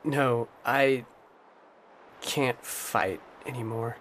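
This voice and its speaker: A woman doing a beaten young man, weak and close to tears, speaking very slowly and haltingly. His words come out broken, with a faint hiss under the recording. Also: low-pitched, steady tone, a bit bright, heavily acted.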